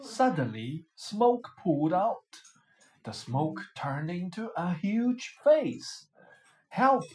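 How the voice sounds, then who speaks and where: A woman reading a children's picture book aloud, with expressive, animated storytelling. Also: on the low side, extremely slow. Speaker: storybook reader.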